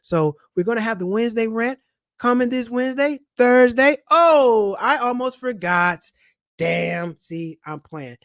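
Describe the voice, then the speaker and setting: A middle-aged man, hosting a casual money vlog in an animated, preachy way full of street slang. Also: high-pitched, normal speed, no room sound, clean studio sound. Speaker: channel host and comedian. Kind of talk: casual personal finance vlog.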